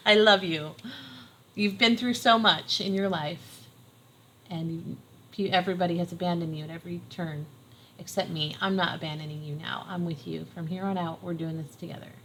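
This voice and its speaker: A woman's voice: fairly low pitch, fairly even intonation, fairly quick, a bit bright, slight background noise, low-quality recording. A middle-aged woman giving a casual tarot reading, earnest and encouraging, repeating phrases for emphasis. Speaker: tarot reader.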